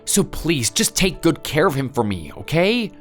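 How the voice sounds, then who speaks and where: A man's voice: fairly high pitch, sing-song, normal speed, soft background music. A man voicing a weary, defensive husband in a dramatized story. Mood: exasperated. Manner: defensive, exasperated. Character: weary husband who had an affair.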